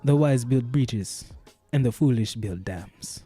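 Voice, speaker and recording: A man voicing a mock-solemn sage who recites proverbs slowly and gravely. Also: mid-range voice, warm tone, faint music behind. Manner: slow, grave, drawn-out delivery.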